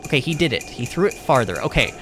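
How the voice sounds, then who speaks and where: Man, game streamer, live commentary, playful, chatty, lively pitch, faint game music behind. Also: fast. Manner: playful, chatty, easily alarmed.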